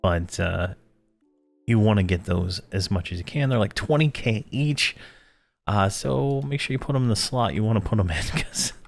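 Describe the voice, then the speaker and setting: Deep-voiced man with a fading voice. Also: normal speed, vocal fry, soft background music. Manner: rambling, self-correcting, chuckles often. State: losing his voice. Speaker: gaming channel host. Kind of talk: casual gameplay guide.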